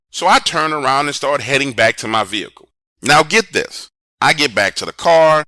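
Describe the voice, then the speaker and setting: A man telling his own true scary story in a dramatic, animated way. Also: moderate pace, dry recording. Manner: animated, dramatic storytelling with big swings in pitch and volume. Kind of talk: first-person true horror story.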